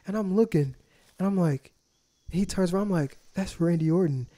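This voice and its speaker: A young man, a podcast guest, telling stories in an animated, excitable way during casual chat. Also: sits high. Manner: animated storyteller, quick and excitable. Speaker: guest, aspiring wrestler.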